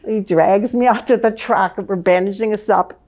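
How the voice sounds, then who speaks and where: An older woman, a former advertising manager, reminiscing in a lively storytelling way and laughing often. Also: medium pitch, moderate pace. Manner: lively, laughs often, vivid scene-setting.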